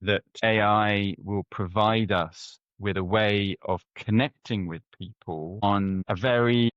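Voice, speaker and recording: A man, a guest anthropologist, answering interview questions in a conversational, animated storytelling way with frequent restarts. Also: fairly low pitch, slow, dry recording, highs cut off. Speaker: head of ethnography, guest.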